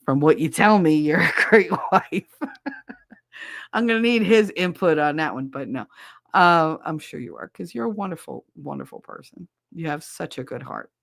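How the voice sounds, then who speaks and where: Reading through listener chat on her podcast, a woman speaks bluntly and swears freely in a casual way. Her voice is low-pitched, gravelly, and expressive at a normal speed, recorded dry with studio quality.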